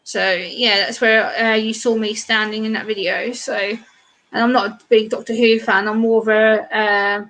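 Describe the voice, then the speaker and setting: A woman's voice: a little high, little pitch movement, moderate pace, a bit bright. Chatty English woman from eastern England. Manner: chatty, laughs often, restarts sentences. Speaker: guest YouTuber. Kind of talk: casual live-stream chat.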